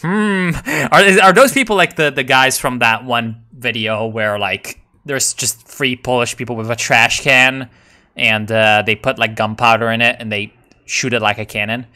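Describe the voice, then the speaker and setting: A man streaming a strategy game and reading chat. He is excitable and profane, and he swings from mumbled asides to loud outbursts. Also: mid-range voice, moderate pace, clean tone. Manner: excitable, profane, jumps between mumbling and shouting. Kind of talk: live gameplay commentary, reading chat.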